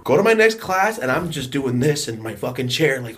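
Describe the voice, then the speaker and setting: A man's voice: medium pitch, animated, moderate pace, hardly any pauses, fairly bright tone. A man telling a story from his school days in a casual, profane monologue, acting out scenes with sudden whispers and outbursts. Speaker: storytelling vlogger.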